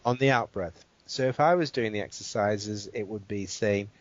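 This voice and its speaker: A man who is a guest expert, calmly walking through a guided exercise and checking in with the listener as he explains. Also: on the low side. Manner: measured and explanatory, checks in with "right?". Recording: dull, dry interview audio.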